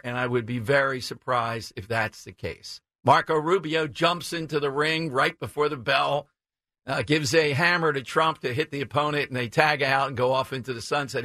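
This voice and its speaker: A man's voice: fairly high pitch, bright, forceful tone, no room sound, clean studio sound. A man hosting a talk radio show, giving brash, opinionated political commentary with chuckling asides.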